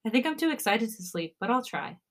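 A woman reading a fan story aloud, voicing a young pregnant woman who talks to her partner in a soft, cooing, reassuring way. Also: on the high side, big pitch swings, a little fast. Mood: playful.

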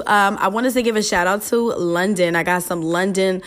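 A woman's voice: mid-range voice, fairly even intonation, moderate pace. A young woman hosting her own podcast in a loose, chatty way, swearing freely and laughing at herself. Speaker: podcast host. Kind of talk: casual solo podcast chat.

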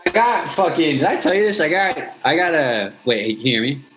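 A man as a podcast guest, telling animated casual stories over a video call and swearing freely. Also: fairly high pitch, a little fast, a crowd in the background, poor audio. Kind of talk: casual storytelling chat. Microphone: device mic on a video call.

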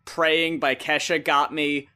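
A man's voice: fairly high pitch, little pitch movement, sharp tone. A man co-hosting a podcast in casual chat, rambling and swearing freely as he retells scenes. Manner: rambling, profane, acts out scenes in quick voices. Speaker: podcast co-host.

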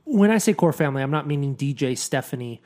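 A man's voice: on the high side, expressive, fast talker, darkish tone. A man co-hosting a podcast in a casual, jokey, chatty way, full of asides. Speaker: podcast co-host.

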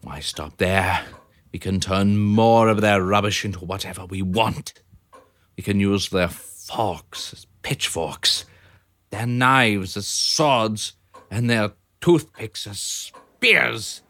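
A man's voice: on the low side, slow pace, fairly bright tone, no room sound. A man voicing a brave male hamster who rallies a crowd of mice to fight. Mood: persuasive. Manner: rousing, determined speech-making.

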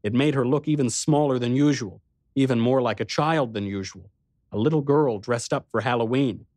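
A man narrating an audiobook in the first person, steady and measured. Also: mid-range voice, no room sound.

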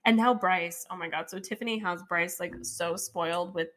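A woman co-hosting a casual chat, telling a story and jumping into a higher voice for quoted lines. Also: moderate pace, fairly bright tone. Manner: storytelling, acting out dialogue in a raised voice.

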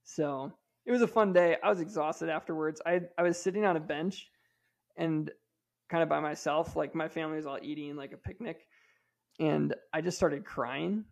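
A chatty man in his thirties, a podcast co-host, tells a personal story with a slightly high, gravelly voice. He fills his talk with "like" and keeps restarting his sentences. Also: normal speed. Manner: chatty, many fillers and restarts. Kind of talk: casual storytelling.

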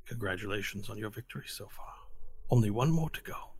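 A man voicing a scheming male plotter who speaks in a hushed, conspiratorial way. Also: lowish voice, animated, a little fast, slight background noise, lightly acted.

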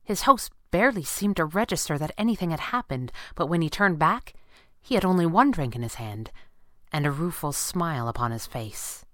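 Woman narrator, audio drama, low voice, dry close mic. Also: lively intonation, moderate pace, fairly bright tone, dry recording.

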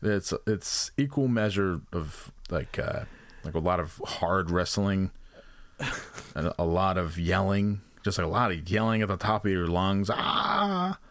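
Male co-host, low voice, dry close sound, profane rambling comic storyteller. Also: unhurried, no echo. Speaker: podcast co-host. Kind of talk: casual comedic chat.

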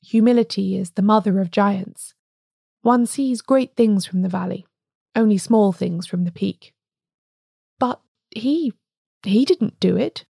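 A woman hosting a podcast, reading a classic detective story aloud in a measured, unhurried storytelling manner. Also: medium pitch, gravelly, dark tone, no echo, studio quality. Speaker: podcast host and narrator.

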